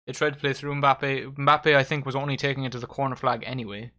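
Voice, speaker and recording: Young lad doing a football watchalong, swears loads, gets worked up, bright voice. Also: male voice, mid-range voice, fast. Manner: excitable, swearing, addresses viewers as lads. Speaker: watchalong host. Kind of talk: live match commentary.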